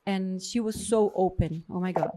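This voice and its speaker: An effusive woman with a Brazilian Portuguese accent hosts a casual podcast interview. She gushes over her guest with warm enthusiasm and speaks in a mid-range voice, sliding between English and Portuguese. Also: medium pitch, steady tone, moderate pace. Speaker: podcast host, endocrinologist.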